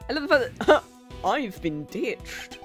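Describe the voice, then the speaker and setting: A woman's voice: on the high side, big pitch swings, slow pace. A woman streamer making chatty, self-mocking asides while playing a game. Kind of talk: casual game commentary. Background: faint game music.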